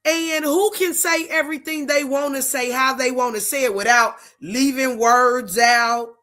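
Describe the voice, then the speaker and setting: A woman's voice: sits high, unhurried, sharp tone. A middle-aged woman hosting a faith-based talk show, talking in an emphatic, preachy, conversational way. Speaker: host.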